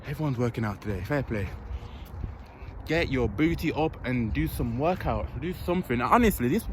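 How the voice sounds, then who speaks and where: A man's voice: mid-range voice, animated, normal speed, darkish tone. A young man vlogging casually from an outdoor park court, chatty and blunt and swearing freely as he talks to his camera. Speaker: fitness vlogger. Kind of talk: casual vlog chat. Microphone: handheld or propped-up camera. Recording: outdoor traffic noise behind. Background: city ambience with passing vehicles.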